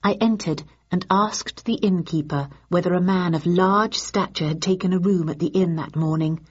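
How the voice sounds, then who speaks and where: Husky woman reading an audiobook. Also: on the low side, moderate pace, highs cut off. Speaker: audiobook narrator. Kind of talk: scripted first-person narration.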